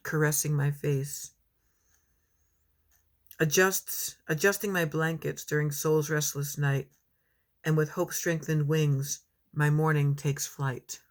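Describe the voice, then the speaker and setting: Chatty woman reading her own poems. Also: low-pitched. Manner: chatty and rambling between poems, reads slowly and tenderly. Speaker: poet. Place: home, at her desk.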